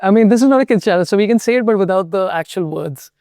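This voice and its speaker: A man's voice: high-pitched, warm tone, clean tone. A man hosting a podcast who talks casually and jokes and laughs easily. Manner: joking, quick to laugh. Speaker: podcast host.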